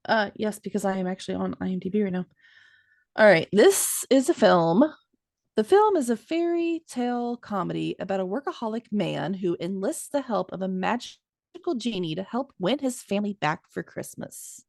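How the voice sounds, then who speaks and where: A woman in her thirties co-hosting a casual chat, excitable and animated, with many fillers. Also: mid-range voice, normal speed, creaky, no echo, clean studio sound. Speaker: podcast co-host.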